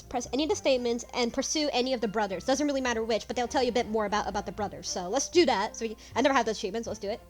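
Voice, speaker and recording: A woman casually narrating a game playthrough, chatty and explaining as she goes. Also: fairly high pitch. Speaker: gaming YouTuber. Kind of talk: casual let's-play commentary.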